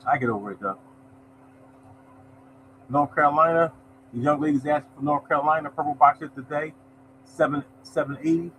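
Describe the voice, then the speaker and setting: A man's voice: a little high, brisk, long pauses, fairly bright tone, slight background noise, rough recording. Chatty man, "y'all" every line. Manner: chatty, greets viewers by name, says "y'all" often. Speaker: lottery show host. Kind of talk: casual live-stream chat, reading results.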